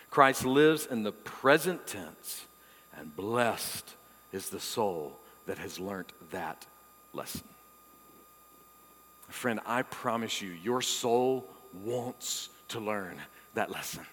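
Man, pastor, sermon, dynamic preaching from loud to hushed, long hall reverb. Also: medium pitch, slow pace.

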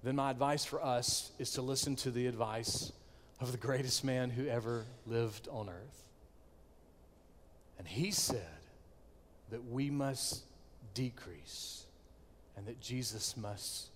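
A man preaching a sermon, swinging between loud declarations and hushed near-whispers. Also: mid-range voice, expressive, slow pace, slight background noise. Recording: long hall reverb.

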